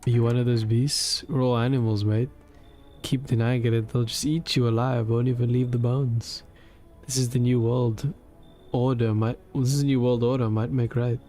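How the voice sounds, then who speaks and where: A man's voice: medium pitch, little pitch movement, moderate pace, warm tone, faint music behind, natural voice. A man voicing a boastful, threatening male survivor in a game, taunting with streetwise slang. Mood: menacing.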